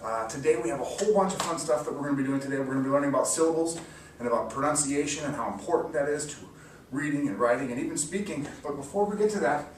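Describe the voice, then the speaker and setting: A man giving an encouraging mock classroom lesson, slowly sounding out words for students. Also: fairly high pitch, animated. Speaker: teacher. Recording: echoey room, distant mic, faint hiss.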